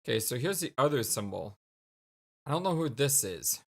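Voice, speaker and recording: A let's play host giving casual commentary and reading game text aloud, full of quick reactions and exclamations. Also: mid-range voice, big pitch swings, a bit bright.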